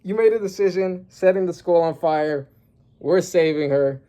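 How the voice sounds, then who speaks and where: A young man reacting casually to a comic while reading it aloud, excitable and slangy, thinking aloud with lots of fillers. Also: on the high side, normal speed. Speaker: manga reaction creator.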